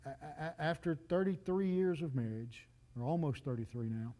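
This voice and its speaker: A man's voice: fairly high pitch, lively intonation, normal speed, warm tone. A man, preaching a folksy, joking sermon and talking straight to the congregation. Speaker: pastor.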